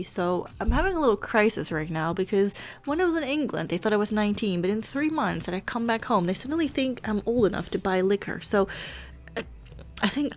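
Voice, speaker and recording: A woman in her late twenties chatting casually and laughing at herself while she plays a game. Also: medium pitch. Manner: chatty and self-mocking, laughs often, swears casually. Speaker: Sims gaming YouTuber. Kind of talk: casual chat over gameplay.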